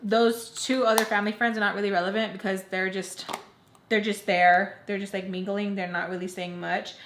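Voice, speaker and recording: A young woman telling a personal story to her viewers in a loose, chatty way, full of "like" and quick quoted lines from others. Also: mid-range voice, little pitch movement, slight background noise. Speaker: storytime vlogger. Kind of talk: casual storytelling. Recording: echoey room.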